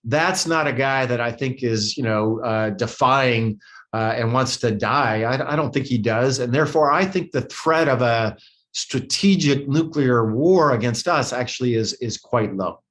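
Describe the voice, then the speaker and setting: A man's voice: medium pitch, a little slow, fairly bright tone. Earnest older man in an interview. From United States. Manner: earnest, repeats words, many "you know" and "uh" fillers. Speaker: former ambassador, interview guest. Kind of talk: conversational interview.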